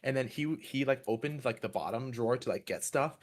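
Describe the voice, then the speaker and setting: A man's voice: mid-range voice, a little fast. Man, stream co-host, laid-back, slangy, casual storytelling. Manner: laid-back, slangy, laughs while telling stories.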